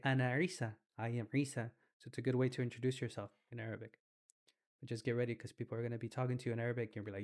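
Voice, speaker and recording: A young adult man giving a casual Arabic lesson, relaxed and slangy, stretching out sounds slowly to demonstrate pronunciation. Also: medium pitch. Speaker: Arabic teacher.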